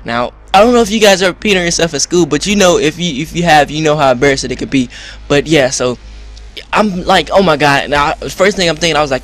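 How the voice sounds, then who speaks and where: A young man rambling excitedly through a story to his viewers, full of slang and fillers. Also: on the high side, quick pace. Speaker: vlogger. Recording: music in background.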